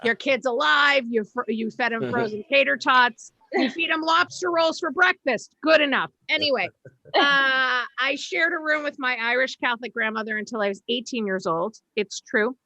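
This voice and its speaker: Brash high-voiced woman comic from Boston. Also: pushed and bright, no echo, low-quality recording. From Boston, USA. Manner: brash, self-deprecating, quick asides. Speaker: stand-up comedian. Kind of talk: stand-up set on a video call.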